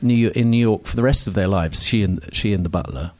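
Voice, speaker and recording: An older man from Scotland speaks in polished received pronunciation, wry and self-mocking as he wanders through a personal story full of ums and asides. His voice sits low, and the sound is close and dry. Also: fast talker, a little mellow, dry recording. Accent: received pronunciation English. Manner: wry, digressive, self-mocking with many fillers. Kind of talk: storytelling talk. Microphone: microphone on stage.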